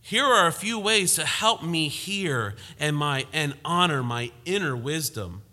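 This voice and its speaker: A man preaching a sermon, swinging from emphatic force to hushed tones and sometimes mocking quoted lines in a lighter voice. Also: on the high side, animated, a little slow, in a large hall.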